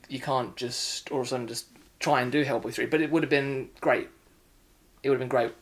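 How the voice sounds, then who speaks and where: A man delivers an exasperated film rant at a middle pitch. He repeats himself, trails off and sighs as his complaints pile up. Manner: exasperated, repetitive, sighing. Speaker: film reviewer. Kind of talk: ranting movie review.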